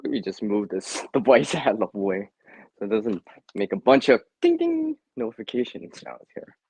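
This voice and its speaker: A man's voice: on the low side, huge pitch swings, moderate pace, vocal fry, a little mellow, breathy edge, dry recording, rough recording. A man hosting a casual live stream from home, chatty, laughing often and repeating words. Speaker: livestream host.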